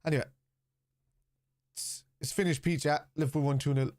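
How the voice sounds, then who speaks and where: A man's voice: on the high side, steady tone, normal speed, a little mellow, no echo, studio quality. Chatty man streaming a football watchalong. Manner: chatty, answers viewers' comments aloud. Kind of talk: casual live commentary, reading chat.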